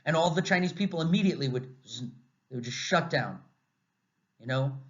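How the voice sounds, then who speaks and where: An American man lecturing a class in a conversational, animated way, asking lots of rhetorical questions. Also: on the high side, a little fast. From United States. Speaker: university lecturer. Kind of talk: recorded lecture. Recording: slightly dull, muffled audio.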